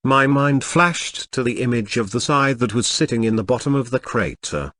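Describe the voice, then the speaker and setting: Brief: male audiobook reader, animated melodic delivery, dry close sound. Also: mid-range voice, normal speed, dry recording. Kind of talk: first-person novel narration.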